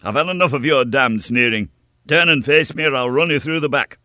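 A man voicing a brash, hot-headed young male swordsman who shouts his challenges in a story reading. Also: a little high, steady tone, a little fast, dry recording, studio quality, pitched above the performer's own voice. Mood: angry, shouting.

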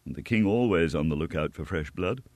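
Low voiced guy reading an audiobook, lively ups and downs, dry sound. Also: a little fast, no room sound. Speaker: narrator. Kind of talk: audiobook narration.

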